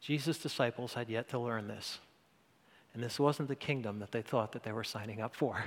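A man's voice: medium pitch, normal speed. A male pastor preaching a sermon in a church, earnest and conversational, building to emphatic points. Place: church sanctuary. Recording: long church hall reverb.

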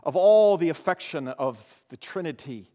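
A man preaching a sermon with a dynamic delivery that swings between raised, emphatic passages and hushed, quiet ones. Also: fairly high pitch, lively intonation, moderate pace. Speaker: pastor. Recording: long hall reverb.

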